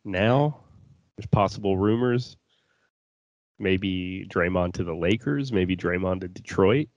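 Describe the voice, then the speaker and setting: A man's voice: sits low, slow, no room sound, lo-fi sound. A man co-hosting a casual podcast, laughing often, swearing and restarting his sentences. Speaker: podcast co-host. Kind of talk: casual crude chat.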